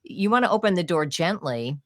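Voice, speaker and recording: An older woman with a low, deep-set voice talks as a podcast guest. She tells her stories expressively and acts out what people said. The sound is close and dry, with no room around it. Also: brisk, dry recording. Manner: expressive, animated storytelling with acted-out quotes. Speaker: guest author and audiobook narrator. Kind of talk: conversational podcast interview.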